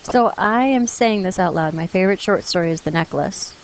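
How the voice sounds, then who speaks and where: A woman's voice: medium pitch, brisk, slight background noise, low-quality recording. A woman teacher explaining punctuation rules to her class in a patient, encouraging way, reading example sentences aloud. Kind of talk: classroom grammar lesson.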